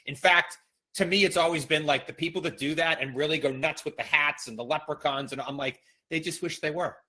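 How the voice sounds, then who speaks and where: A middle-aged man from the Boston area, co-hosting a podcast in casual chat, opinionated and animated as he tells stories. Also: a little high, a little fast. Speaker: podcast co-host.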